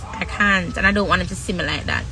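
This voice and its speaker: A woman speaking frankly on a livestream, halting often with long pauses as she talks about her own life. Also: fairly low pitch, wildly swooping pitch, background noise. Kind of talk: candid personal talk.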